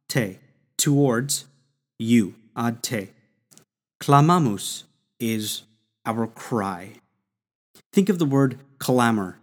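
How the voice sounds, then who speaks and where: Male teacher, mid pitch, very slow and patient, walks through Latin words one at a time. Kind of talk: slow explanatory lesson.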